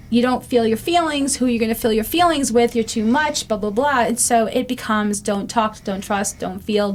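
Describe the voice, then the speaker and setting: A woman's voice: a little high, slight background noise. A woman in her fifties hosting a recovery show, talking reflectively and earnestly with frequent ums. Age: 50s. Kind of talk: casual talk-show monologue.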